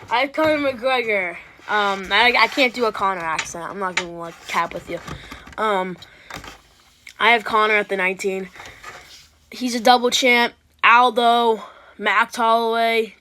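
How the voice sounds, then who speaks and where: A woman's voice: medium pitch, bright, forceful tone. A woman hosting an MMA reaction video, talking in a loose, rambling way with restarts and casual swearing.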